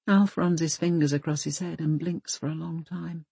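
A woman narrating an audiobook in a calm, measured reading. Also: fairly low pitch, gravelly, breathy edge, no echo.

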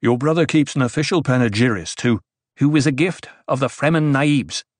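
A man voicing a quick-tempered, imperious young noblewoman in an audiobook, speaking in a sharp, commanding and scornful way. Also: mid-range voice, no echo, voice pushed up, natural voice. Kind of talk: audiobook character voice.

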